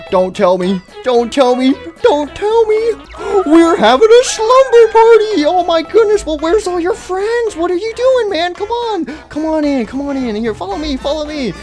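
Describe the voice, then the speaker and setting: A man's voice: very high-pitched, sing-song, normal speed, over music, voice pushed up. A man voicing a manic, cheerful male robot who runs a daycare, squealing and giddy in a game roleplay.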